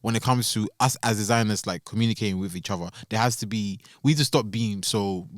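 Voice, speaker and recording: A man's voice: on the low side, fast talker, no room sound, studio quality. A young man, co-hosting a podcast in a playful, laid-back way full of slang. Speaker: podcast co-host. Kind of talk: casual chat.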